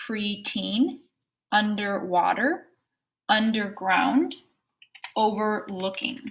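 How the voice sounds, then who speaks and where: A woman teaching a phonics lesson to young children, with a medium-pitched voice. She explains each step patiently and checks often that the class is following. She talks in an unhurried, friendly classroom way. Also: fairly bright tone, poor audio.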